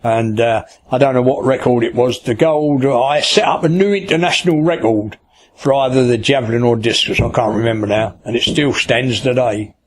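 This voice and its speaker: An older man from Kent, England, recounts his life story in an interview, speaking at a moderate pace with a medium-pitched voice. He's colloquial and anecdotal, acting out past conversations with plenty of "I said" and "like." There's a little hiss or hum in the audio.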